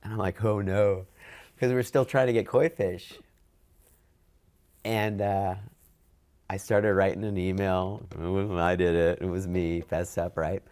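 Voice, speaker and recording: Middle-aged guy telling a story in an interview, lowish voice, bumps his pitch up to act out what people said. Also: takes it slowly, long pauses. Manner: animated, acts out quoted dialogue with raised pitch. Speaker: interviewee, events program manager. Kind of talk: storytelling in an oral history interview.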